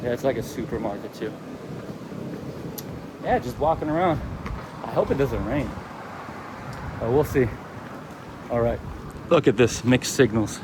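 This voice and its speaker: A man's voice: mid-range voice, lively intonation, a little slow, pauses often. A man filming a casual travel vlog as he walks through a city, talking in a chatty, rambling, opinionated way. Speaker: travel vlogger. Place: city streets outdoors. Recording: street noise around the mic. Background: traffic and urban street noise.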